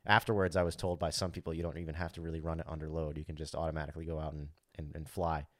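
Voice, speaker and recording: A man's voice: very deep voice, flat delivery, racing, a bit bright, no echo, clean studio sound. A man co-hosting a podcast, telling a story in casual chat. He talks animatedly, acts out his own thoughts, swears freely and fills with "like". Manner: frequent "like" fillers. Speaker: podcast co-host.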